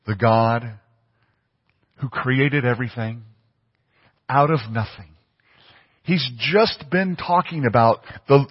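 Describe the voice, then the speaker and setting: A man's voice: a little high, husky. A man preaching a sermon, emphatic and fond of repeating phrases for stress. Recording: muffled audio with long hall reverb.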